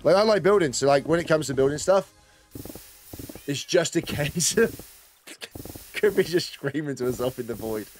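A man's voice: fairly high pitch, animated, normal speed, pauses often, faint music behind. A man chatting casually while streaming a game, rambling and greeting and answering viewers as he plays. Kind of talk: casual live-stream commentary.

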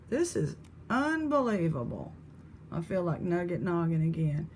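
A woman's voice: lowish voice, sing-song, measured pace, darkish tone, a little hiss or hum. A woman chatting casually in a vlog, exclamatory and thinking aloud as she shows her finds. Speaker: vlog host. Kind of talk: casual vlog chat showing thrift finds.

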